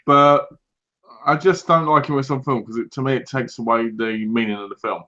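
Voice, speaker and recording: A man's voice: mid-range voice, a little fast, pushed and bright, muffled recording. A man co-hosting a casual livestream chat, rambling and laughing often. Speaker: co-host.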